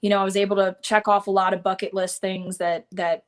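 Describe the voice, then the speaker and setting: Speaking a little fast in a medium-pitched voice with little pitch movement, this woman is a country singer doing a live video-call interview streamed from her home in Nashville. Her talk is casual and chatty, packed with fillers and false starts.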